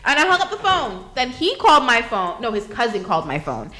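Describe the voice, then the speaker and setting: A woman talks fast in a bright, forceful voice. She is hosting a casual group chat and tells a story, acting out every quote with lively energy. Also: on the high side, soft background music. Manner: animated storytelling, acts out quotes. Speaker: radio show host.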